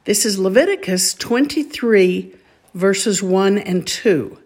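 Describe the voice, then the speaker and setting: A woman teaching a call-and-response recitation lesson, saying each word deliberately so listeners can repeat after her. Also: medium pitch, animated, a little mellow, breathy edge. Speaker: Bible Hebrew teacher.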